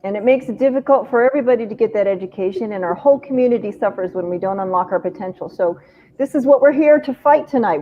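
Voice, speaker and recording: A woman's voice: medium pitch, phone-quality sound. A woman hosting a remote fundraiser event in a casual, upbeat, chatty way. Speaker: event host.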